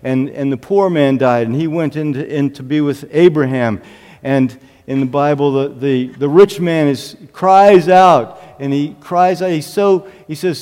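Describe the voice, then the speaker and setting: This pastor's voice sits on the high side and moves at a moderate pace as he tells funny, self-mocking stories during a sermon. The animated anecdotes echo around a reverberant hall.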